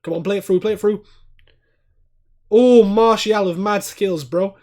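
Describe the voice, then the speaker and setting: A man hosting a football watchalong livestream, giving casual live commentary, chatting to viewers and bursting into loud, sweary outbursts. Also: high voice, unhurried. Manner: excitable, swears a lot, erupts in loud outbursts at fouls; chats to viewers by name, reads chat aloud.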